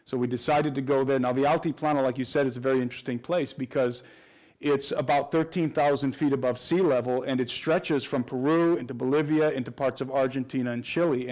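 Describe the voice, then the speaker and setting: A guest researcher answers interview questions at length in a mid-range, slightly mellow male voice. He's earnest and explanatory, frequently restarting his phrases.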